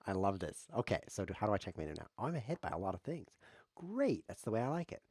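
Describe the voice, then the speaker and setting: A man with a lowish voice commentates his own online chess games, rambling through deadpan jokes and silly asides. His voice sits close and dry on the mic, with no room sound around it. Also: fast talker, slightly rough, no room sound. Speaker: chess streamer. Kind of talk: playful live commentary while playing.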